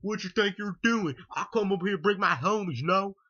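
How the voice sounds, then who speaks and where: Man mimicking a brash young tough, loud, higher voice, slangy, confrontational, muffled lo-fi sound. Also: brisk. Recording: muffled lo-fi recording.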